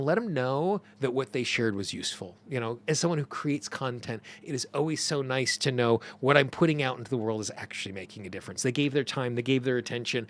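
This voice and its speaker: Middle-aged male host, earnest teacher, mid-pitched voice, leans on repetition. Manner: earnest, emphatic, repeats phrases for stress. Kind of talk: teaching monologue.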